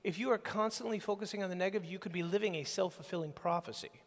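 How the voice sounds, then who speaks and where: A man with a fairly high voice delivers a sermon, chatty and animated, slipping into bits of acted-out dialogue. His voice rings with a long reverb, like a big hall. It sounds like a pastor talking straight to his congregation. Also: fast, hardly any pauses.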